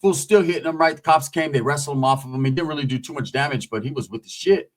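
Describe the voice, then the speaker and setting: With a slightly high voice at a fast clip, a man gives an animated, profane, streetwise retelling of prison life, stretching the story out casually and acting out what people said.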